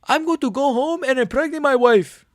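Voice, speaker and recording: A man putting on a brash male fighter with a voice pushed way up high, loud and blunt, clipping each phrase and tacking on "brother." The sound stays dry and close, with no room around it. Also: normal speed, no echo. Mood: boisterous.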